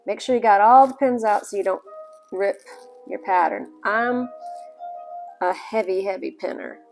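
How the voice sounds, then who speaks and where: A woman's voice: mid-range voice, unhurried, darkish tone, faint music behind. A woman with a Southern US accent, chatting her way through a step-by-step sewing tutorial in a folksy manner. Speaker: sewing hobbyist.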